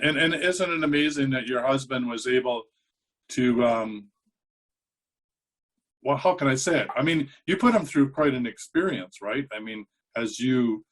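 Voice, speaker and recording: A man's voice: medium pitch, rough recording. A man hosting a casual interview show, asking long, rambling questions. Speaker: podcast host.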